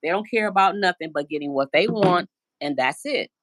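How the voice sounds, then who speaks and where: A middle-aged American woman talks on a casual live stream from home in a low, deep voice. She rambles chattily and slips into the voices of the people she quotes. Her phone picks up a dry, close sound with no room echo. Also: expressive, brisk. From United States. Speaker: livestream host. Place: at home indoors.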